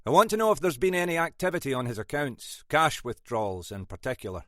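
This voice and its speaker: A man doing a gruff Scottish detective. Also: mid-range voice, animated, fast talker, pushed and bright, no room sound, pitched above the performer's own voice. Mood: stern. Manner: brusque, scolding, dry wit. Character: gruff older Scottish male detective inspector. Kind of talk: audiobook character voice.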